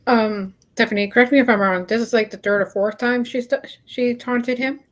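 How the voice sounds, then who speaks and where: A woman's voice: on the high side, steady tone, normal speed, faint music behind. A woman joining a casual group chat, upset and questioning, apologizing for swearing. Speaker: chat participant.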